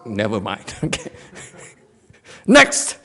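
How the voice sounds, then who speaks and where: A man's voice: on the low side, huge pitch swings, takes it slowly, bright, forceful tone. A man with a Korean accent giving a dharma talk as a Zen master, playful, telling stories and laughing often.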